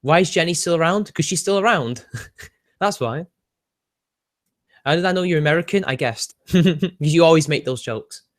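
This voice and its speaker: A man's voice: on the high side, normal speed, pauses often. A young British man with a British accent, hosting a casual livestream and answering chat with sardonic asides and frequent laughs. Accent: British English. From Britain. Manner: chatty, sardonic, laughs often, answers viewer questions. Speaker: livestream host reading chat.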